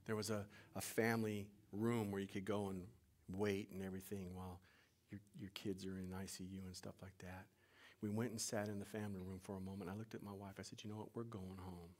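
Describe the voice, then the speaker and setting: A middle-aged man preaching a sermon, moving from loud, urgent appeals to hushed, whispered storytelling. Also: fairly low pitch. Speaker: pastor.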